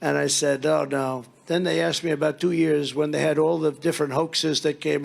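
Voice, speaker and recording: A man's voice: fairly high pitch, little pitch movement, normal speed, creaky, hardly any pauses. A man giving a rally speech as a political speaker, telling rambling, mocking stories and acting out the dialogue.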